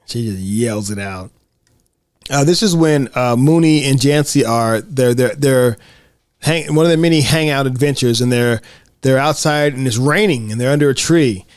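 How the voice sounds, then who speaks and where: A man hosting a casual film discussion podcast, animated, often acting out quotes in high voices. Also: moderate pace, no room sound, clean studio sound. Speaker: podcast host.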